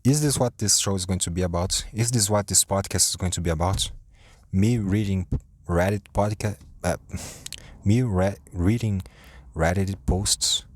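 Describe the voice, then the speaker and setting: A man's voice: low voice, unhurried, no echo. A tired man rambling profanely on his own podcast, stumbling and restarting his sentences. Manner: rambling, profane, self-interrupting. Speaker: podcast host.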